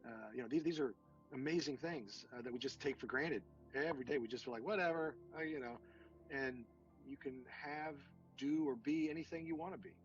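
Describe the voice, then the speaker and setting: Earnest man, halting with fillers, casual interview talk, muffled lo-fi sound. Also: mid-range voice, soft background music. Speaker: veteran guest.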